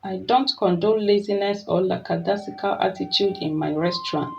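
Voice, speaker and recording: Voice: mid-range voice, sing-song, a little slow, vocal fry, muffled recording, noisy background, voice pushed up. A storyteller voicing a stern, suspicious middle-aged woman who owns a restaurant, talking in a questioning, warning way.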